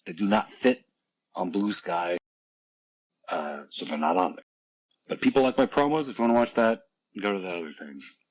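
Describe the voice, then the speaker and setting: A man's voice: low voice, expressive, moderate pace, long pauses, low-quality recording. A man, a professional wrestler guest on a podcast, chatting casually in a joking, self-deprecating and rambling way.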